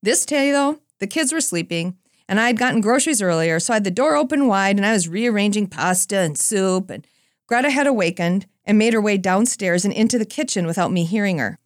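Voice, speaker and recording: Woman, Christian speaker, animated storytelling, playful asides, dry close sound. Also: medium pitch, brisk, no room sound. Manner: animated, self-deprecating storyteller. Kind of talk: personal storytelling talk.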